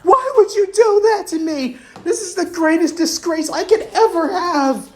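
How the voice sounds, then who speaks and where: A man voicing a furious young female fallen angel who screeches and shouts in rage, far above his own pitch. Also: measured pace. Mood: screaming rage.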